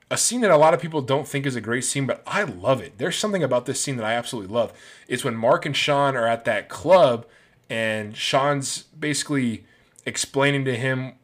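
A man talks through favorite film scenes in a loose, rambling way, full of enthusiasm. His voice sits at an ordinary, mid-range pitch for a man. It sounds like casual, unscripted movie commentary. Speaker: film reviewer.

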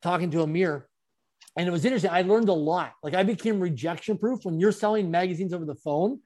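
A man, an interview guest and speaker, telling his story in an animated way with frequent chuckles. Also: high voice, fast talker. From Canada.

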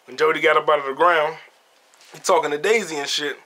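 Bright-voiced man swearing through a movie recap. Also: on the high side, fairly even intonation, fairly quick. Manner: profane, laughing storyteller who retells scenes. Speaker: podcast host. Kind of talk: casual solo movie review.

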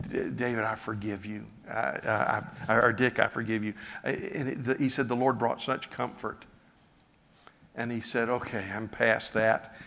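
A man's voice: medium pitch, creaky, a bit bright. Man preaching in a reverberant hall. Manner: retells a story with many quotes, repeats "he said". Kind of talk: sermon storytelling.

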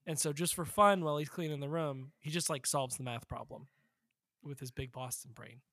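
A man's voice: a little high, fairly even intonation, normal speed, fairly bright tone, no room sound, clean studio sound. A man co-hosting a podcast, summarizing a movie in a rambling, joking way. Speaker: podcast co-host. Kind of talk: casual chat.

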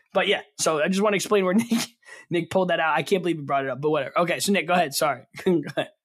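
A man's voice: a little high, racing, a bit bright. A man co-hosting a casual podcast chat, rambling and flustered, repeating himself as he talks. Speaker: podcast co-host.

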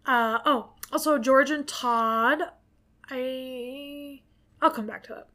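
Woman podcast co-host, higher register, rambling casual recapper, curses freely. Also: steady tone, takes it slowly, pushed and bright. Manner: rambling, filler-heavy, swears freely. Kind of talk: casual movie recap chat.

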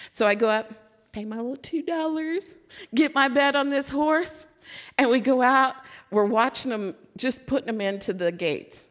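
A woman from Louisville giving a sermon as a lively personal story, acting out her own excitement and letdown. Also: high-pitched, normal speed. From Louisville, Kentucky. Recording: long hall reverb.

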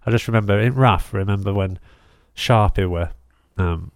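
A man co-hosting a podcast chats casually, rambling through stories and laughing. His voice is lowish and moderately paced, and the recording is dry and studio quality.

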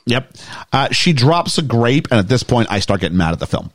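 Casual British male host, rambling and jokey, animated delivery, dry close sound. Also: medium pitch, a little fast, no echo. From United Kingdom. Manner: rambling, jokey, many fillers. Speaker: podcast host. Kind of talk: casual movie discussion.

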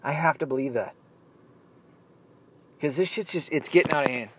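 A man's voice: a little high, normal speed, background noise. A man in a heated solo rant, talking bluntly and swearing a lot. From United States.

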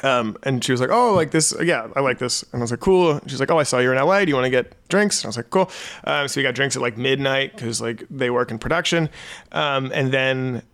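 A man's voice: medium pitch, fast talker, fairly bright tone. A young man, a musician guest on a podcast, telling a long story in a loose, rambling way, full of "like" and laughs. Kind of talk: casual podcast chat.

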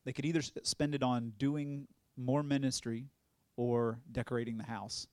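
A man who is an evangelist, telling his testimony as a sermon in an animated storytelling way, acting out other people's voices and laughing often. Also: medium pitch, normal speed, no room sound.

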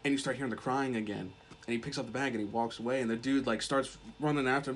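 A man's voice: medium pitch, fairly even intonation, fast talker, slight background noise. A young man co-hosting a podcast, retelling a film in a rambling, casual way, swearing often and filling with "like". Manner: rambling, swears a lot, heavy use of "like". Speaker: podcast co-host. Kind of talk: casual chat.

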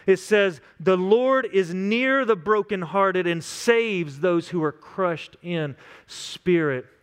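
A man's voice: high-pitched, a bit bright, smooth. A man in his thirties preaching a sermon as a pastor, earnest and acting out little quoted scenes.

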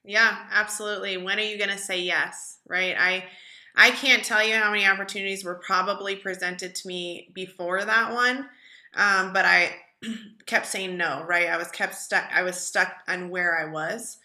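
A woman's voice: medium pitch, fairly even intonation, normal speed, pushed and bright. A woman hosting a casual conversation, reflective and encouraging in manner. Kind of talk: casual chat.

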